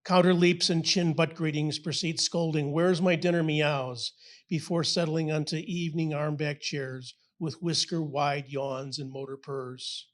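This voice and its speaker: A man reading his own descriptive poem aloud at a poetry event, measured and vivid. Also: fairly high pitch, steady tone. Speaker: local poet.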